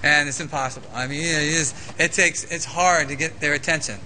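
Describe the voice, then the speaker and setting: A man preaching a sermon as pastor, animated and conversational, with frequent "okay?" asides. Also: a little high, fairly quick, a little hiss or hum, poor audio.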